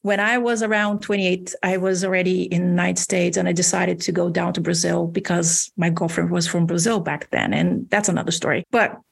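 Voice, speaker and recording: Husky-voiced woman telling a story. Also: fairly low pitch, fairly quick, few pauses. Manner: animated, acts out quoted dialogue, frequent restarts. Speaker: guest, health coach. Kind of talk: casual personal storytelling.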